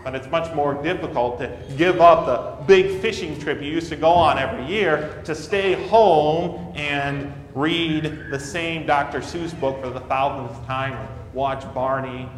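Man, pastor delivering a slow, deliberate sermon, voice a bit high, ringing church hall. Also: slight background noise. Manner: emphatic, rising for stressed words and dropping to near-whispers. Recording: echoey hall, faint room ambience.

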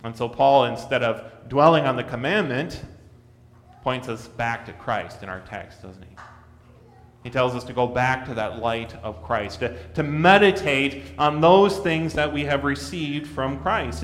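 A man preaching a sermon, earnest, rising for emphasis and dropping to a soft hush. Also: unhurried, long reverb tail, slight background noise. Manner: earnest, rises in pitch and volume for emphasis, drops to a soft hush. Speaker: pastor.

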